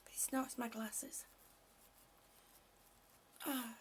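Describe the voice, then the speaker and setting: A woman hosting a casual live stream, greeting viewers by name, short of breath and breathy, often dropping to a whisper. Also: a little high, little pitch movement, slow, a little hiss or hum. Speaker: livestream host.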